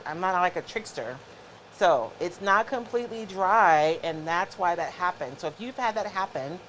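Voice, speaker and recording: A woman's voice: sits low, a little hiss or hum, poor audio. A middle-aged woman hosting a live craft show, chatting casually and explaining each step to her viewers.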